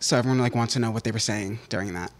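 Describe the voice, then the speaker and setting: A man co-hosting a podcast in casual chat, rambling through stories with sudden jumps in pitch and loudness. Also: very fast. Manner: rambling, chatty storytelling. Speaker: podcast co-host.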